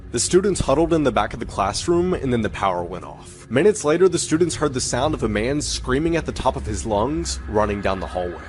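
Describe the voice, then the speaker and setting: A man narrates a short eerie story in an even, measured way, his voice pitched in the middle. Soft music plays faintly beneath the narration. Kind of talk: scripted creepy-story narration.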